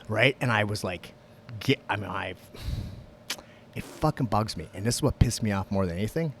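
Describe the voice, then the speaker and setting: Man, podcast co-host, lowish voice, swearing, animated storyteller. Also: a little fast, slight background noise. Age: young adult. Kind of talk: casual chat.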